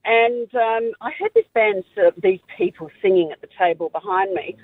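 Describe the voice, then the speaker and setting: A woman calling in to a radio show, telling her story at a measured pace. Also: mid-range voice, dry recording. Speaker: caller. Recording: tinny dry phone line.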